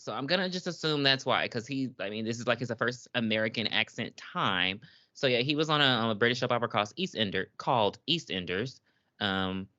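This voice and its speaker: A man's voice: mid-range voice, dull audio. A man co-hosting a podcast, recapping a TV episode in rambling casual chat. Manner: lively, laughs often, rambling restarts. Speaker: podcast co-host.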